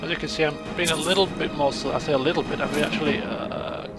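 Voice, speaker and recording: A man casually commentating his own gameplay, chatty and self-mocking, getting excitable in the fights. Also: fairly high pitch, fast. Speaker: let's play gamer. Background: game music.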